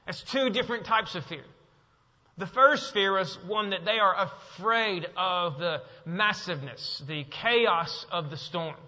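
A man's voice: high-pitched, measured pace. Preaching man in an echoing hall. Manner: preaching with rising, emphatic bursts and soft drops. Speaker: pastor. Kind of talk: sermon. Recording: dull sound with long hall reverb.

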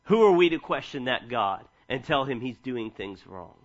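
On a muffled recording, a man in his thirties speaks at normal speed in a medium-pitched voice. As a pastor, he reads scripture and tells amusing family anecdotes in an animated, humorous style.

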